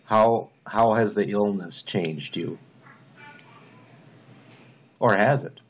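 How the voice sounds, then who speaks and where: A middle-aged man gently asking brief questions in a personal interview. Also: on the low side, takes it slowly. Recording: dull lo-fi recording.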